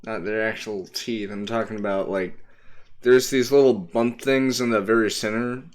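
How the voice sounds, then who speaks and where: A man's voice: on the low side, steady tone, moderate pace. A young man streaming casually, explaining toys he shows to the camera in a rambling, hesitant way full of ums. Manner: explains toys while showing them to the camera. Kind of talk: casual livestream chat.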